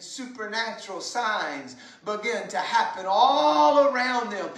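A woman preaching a sermon in a church, impassioned and rising to shouts. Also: fairly high pitch, animated, slow, reverberant, low-quality recording.

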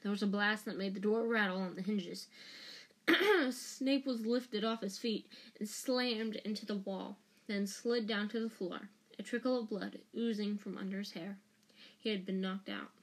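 A woman's voice: medium pitch, measured pace. Woman, casual fan audiobook narration, unpolished, self-correcting. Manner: unpolished, restarts and comments on slips. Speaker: audiobook reader.

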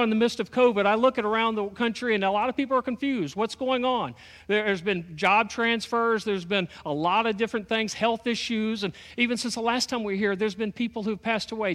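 A man's voice: high-pitched, fairly bright tone, big-room sound. A man from Texas, preaching a sermon in a folksy, storytelling way with touches of humor. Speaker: pastor.

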